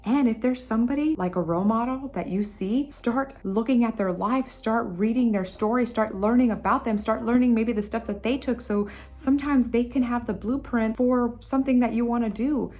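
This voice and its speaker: A woman's voice: a little high, normal speed, a little mellow. A woman vlogger giving casual motivational advice, emphatic and repetitive, laughing at herself now and then. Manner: playful, laughs at her own impressions. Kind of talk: casual motivational talk to camera.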